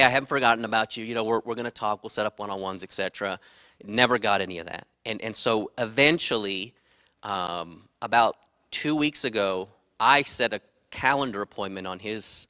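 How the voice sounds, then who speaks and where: A middle-aged man telling a personal story in a candid, rambling way, often repeating words, swinging from quiet asides to loud, heated outbursts. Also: fairly low pitch, no room sound.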